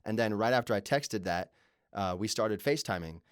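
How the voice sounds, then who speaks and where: Male podcast co-host, quick and animated with salty language, dry studio sound. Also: fairly low pitch, dry recording. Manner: animated, profanity-laced anecdote telling. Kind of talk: casual storytelling chat.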